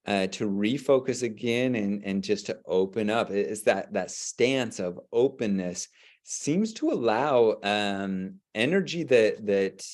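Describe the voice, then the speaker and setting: A middle-aged man co-hosting a podcast, talking in an enthusiastic, energetic way, with frequent restarts. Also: fairly low pitch. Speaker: podcast co-host. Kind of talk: casual chat.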